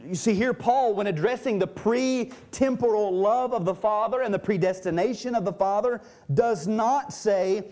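A man's voice: high-pitched, normal speed, hardly any pauses, warm tone. A man preaching a sermon, reading scripture aloud and stressing its key words to explain them.

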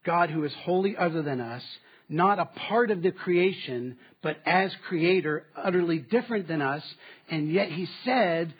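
A man delivers a sermon in a somewhat high, husky voice. He swings from emphatic lines to hushed asides. The recording sounds a little dull and muffled. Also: animated, normal speed. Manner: dynamic preaching, dropping to quiet asides with laughs. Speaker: pastor.

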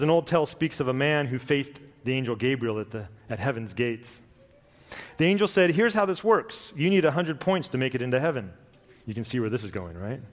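A man preaching a sermon, telling stories with sudden emphatic rises and quiet, reflective drops. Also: mid-range voice. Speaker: pastor. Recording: long hall reverb.

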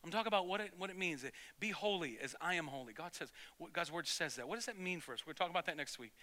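A man as pastor, delivering a sermon as an animated story with many restarts. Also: high voice, fast talker. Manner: storytelling, animated, self-interrupting.

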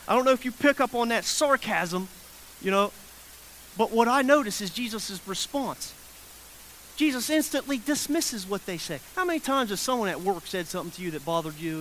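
High-voiced man preaching a conversational sermon. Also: expressive, normal speed, a bit bright. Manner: conversational preaching that acts out the people in the story; repeats phrases and checks in with listeners. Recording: faint hiss.

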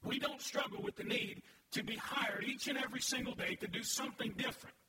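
A very high-pitched man delivering an earnest, emphatic sermon. He sounds far from the mic in an echoey church hall. A steady hum of room noise sits behind him. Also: brisk. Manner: earnest, emphatic preaching with audience prompts. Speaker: pastor. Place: large church sanctuary.

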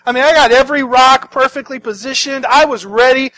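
A man's voice: very high-pitched, fairly quick, pushed and bright, voice pushed up, poor audio. A man voicing Lazarus, freshly raised from the dead, as a lazy, reluctant man who complains about leaving his comfortable tomb. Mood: whiny. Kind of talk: comic retelling in a sermon.

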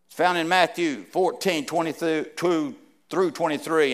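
A man with an expressive, somewhat high voice preaches a sermon and reads scripture aloud, swinging between hushed, slow lines and loud, rising ones.

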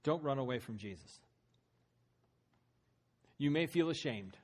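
A man's voice: medium pitch, animated, a little slow, pauses often. A man preaching a sermon, retelling a story dramatically with voiced quotes.

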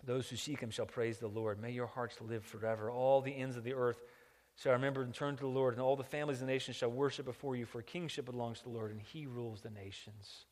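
A man preaching a sermon as pastor, moving between quiet reflective passages and loud impassioned ones. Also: mid-range voice, fairly even intonation, fast talker, in a large hall.

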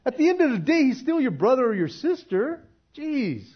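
A man preaching a casual sermon, chatty and laughing often, shifting from quiet, soft passages to loud emphatic ones. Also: very high-pitched, very animated, normal speed, husky, lo-fi sound.

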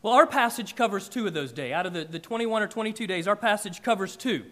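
A man preaching a sermon in church, emphatic and animated, with big swings in loudness. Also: sits high, quick pace. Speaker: pastor.

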